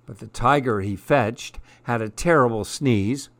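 Reading a rhyming picture book aloud, a man keeps the verse's rhythm with a slow, measured, expressive delivery. His mid-pitched voice is dry and close, with no room sound or echo.

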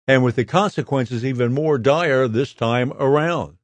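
A man reading entertainment news from a script at a steady pace, giving quoted lines a little lift. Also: medium pitch, unhurried, dry recording. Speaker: soap news reader.

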